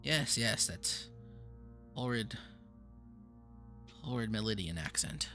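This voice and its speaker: Casting: man doing a pompous eccentric mage, gravelly, swoops up and down a lot. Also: fairly low pitch, expressive, slow pace, pushed and bright, soft background music, full character voice. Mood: grandiose. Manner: pompous, theatrical, touchy. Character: grandiose eccentric male mage, game's creator.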